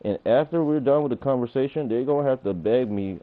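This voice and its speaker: A man's voice: mid-range voice, fairly quick, hardly any pauses. A man ranting casually and profanely on a gaming livestream, acting out arguments as he tells a story. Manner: profane, animated storytelling, acts out confrontations. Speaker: gaming streamer. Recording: tinny phone-like audio.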